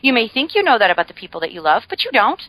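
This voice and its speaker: Bright-voiced woman explaining in chatty style. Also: on the high side, very animated, very fast, no room sound, rough recording. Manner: chatty and explanatory, with frequent fillers and playful humor. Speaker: guest. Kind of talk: casual podcast conversation.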